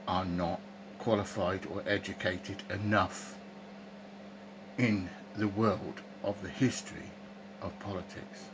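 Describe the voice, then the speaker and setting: Slow, ranting man. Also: fairly low pitch, background noise. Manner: ranting, rhetorical questions, scornful. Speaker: political commentator. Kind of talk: opinionated monologue to camera.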